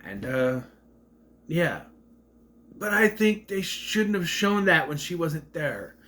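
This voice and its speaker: A man's voice: fairly high pitch, very animated, slow, bright, forceful tone. A man giving a casual, rambling movie rant, with a slight stutter, acting out quotes in raised voices. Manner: mentions a stutter. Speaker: movie reviewer.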